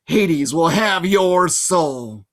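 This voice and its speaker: A man reading a storybook aloud, voicing a vengeful female Fury with a Southern accent in a slow, menacing, half-whispered way. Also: a little high, expressive, a bit bright, full character voice. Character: hissing monstrous female Fury, vengeful teacher.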